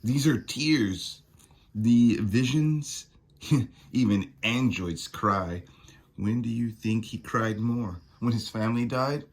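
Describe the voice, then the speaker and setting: A man's voice: medium pitch, takes it slowly. A man voicing a cruel female nightmare demon queen who taunts and mocks with gloating laughs. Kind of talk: reading comic dialogue aloud.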